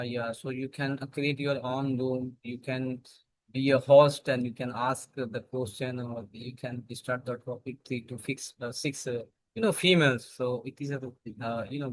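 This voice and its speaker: A man with an Indian accent in a casual English practice chat, halting and searching for his words. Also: mid-range voice, no room sound, low-quality recording.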